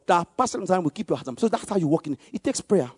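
High, animated male preacher. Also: quick pace, slightly rough, dry recording, clean studio sound. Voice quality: rises to loud exclamations on key words. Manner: animated call-and-response, leads the congregation to repeat verses. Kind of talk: sermon.

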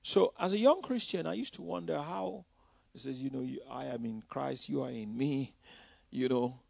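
A man's voice: mid-range voice, moderate pace, gravelly, darkish tone, no echo. A man from Nigeria, preaching a personal testimony in a loose, conversational way with many "you know" asides. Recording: dull, dry lo-fi recording.

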